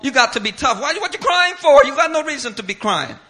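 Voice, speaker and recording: A man's voice: extremely high pitch, big pitch swings, fast, sharp tone, pitched above the performer's own voice, exaggerated voice. A man voicing a stern Trinidadian woman schoolteacher who scolds in clipped dialect phrasing. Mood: scolding.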